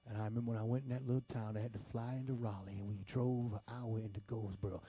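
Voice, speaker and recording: A man preaching a sermon, telling stories with animated swings between loud exclamations and hushed whispers. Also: lowish voice, very fast, slightly rough, dull audio. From Detroit, Michigan. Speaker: pastor. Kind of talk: sermon storytelling.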